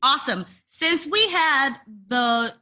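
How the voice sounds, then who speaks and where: A woman co-hosting a wrestling podcast, upbeat and quick with quips. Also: high-pitched, bright, forceful tone. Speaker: podcast co-host. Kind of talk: casual chat.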